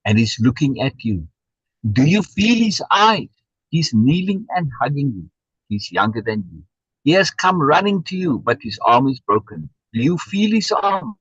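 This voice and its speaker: Old sorcerer teacher, calm, repetitive, deliberate, voiced by a man, husky, dull sound. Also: medium pitch, dry recording. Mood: hypnotic. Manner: slow, deliberate, repetitive insistence.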